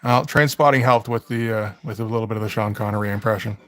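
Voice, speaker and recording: A man's voice: on the low side, fairly even intonation, quick pace, fairly bright tone. A man chatting casually on a livestream while he draws, rambling, laughing often and restarting his sentences. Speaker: comic artist livestreaming.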